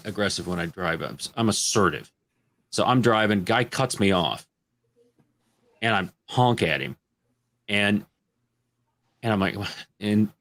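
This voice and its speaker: A man from Illinois, a podcast guest telling crude, animated stories in a casual panel chat. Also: on the low side.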